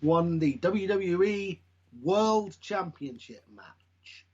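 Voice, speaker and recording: A man with a husky voice co-hosts a casual podcast chat. His asides are dry and sarcastic. The recording has a dull, lo-fi sound. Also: high voice, animated, extremely slow, a little mellow. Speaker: podcast co-host. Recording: dull lo-fi mic.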